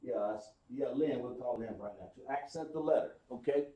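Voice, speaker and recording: A man's voice: medium pitch, moderate pace, lo-fi sound. Echoey man teaching a class. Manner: repetitive, explanatory, many fillers and restarts. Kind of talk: live online class lesson.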